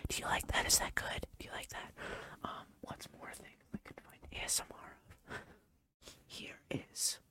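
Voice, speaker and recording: A man's voice: unhurried, bright, forceful tone. A young man doing a joking whispered role-play right up against the microphone, teasing and swearing now and then. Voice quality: unvoiced whisper close to the mic.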